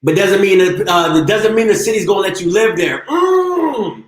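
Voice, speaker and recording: A man's voice: high-pitched, a little fast, echoey room, poor audio. A man hosting a live call-in sports show, trash-talking playfully and boasting as he goes.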